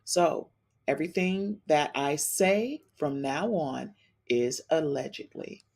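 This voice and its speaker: A woman's voice: low voice, slow, gravelly, husky. A woman hosting a casual live-stream podcast, talking playfully to her chat and calling out meows. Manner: animated, playful, says meow to the chat; African American Vernacular English speech patterns. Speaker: podcast host.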